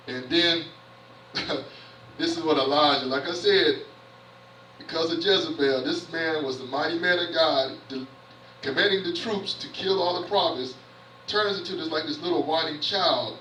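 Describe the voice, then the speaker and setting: A man's voice: on the high side, normal speed, a bit bright, recorded from a distance, slight background noise. A man preaching a sermon in a church, reading scripture aloud and then explaining it in everyday, conversational words. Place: church sanctuary. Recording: roomy church audio picked up from afar.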